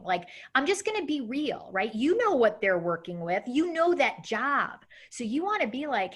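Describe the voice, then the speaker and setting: A woman in her thirties leading a live coaching webinar, talking quickly and acting out example messages in an animated way. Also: a little high. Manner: fast, animated, acts out example emails. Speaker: coaching instructor.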